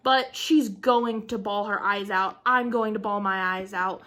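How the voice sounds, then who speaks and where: A woman's voice: mid-range voice, fairly even intonation, a little slow, fairly bright tone. A woman in her twenties chatting casually and emphatically on her vlog, laughing often and swearing now and then. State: excited. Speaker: crafting vlogger. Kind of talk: casual chat.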